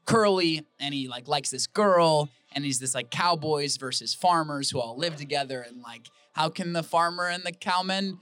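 A young man talking as a podcast guest, excitable and joking, rambling through his story in casual chat. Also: a little high, normal speed, hardly any pauses, clear, resonant tone.

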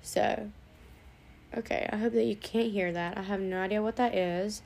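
A woman's voice: medium pitch, fairly even intonation, moderate pace, creaky, a little mellow. A young woman vlogging in a casual, rambling way, swearing now and then as she chats. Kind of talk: casual chat to camera.

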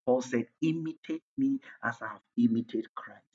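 A Ghanaian-accented man preaches with a slightly husky, breathy voice at a middling pitch. He drives his points home emphatically, swinging between loud declarations and quieter asides. The recording is dull and lo-fi. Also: moderate pace. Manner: emphatic preaching, switching between English and Twi, loudness rising and falling. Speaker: pastor. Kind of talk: sermon.

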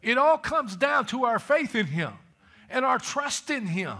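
Man, preacher, sermon, high voice, bright tone, emphatic, calls for amens. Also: sing-song, measured pace. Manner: emphatic, calls for amens, reads scripture aloud.

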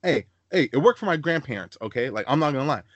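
Lively young man telling stories. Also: fast talker, no room sound, dull audio. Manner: animated storyteller, doing high-pitched voices of the people he quotes. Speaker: podcast host. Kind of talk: casual podcast chat.

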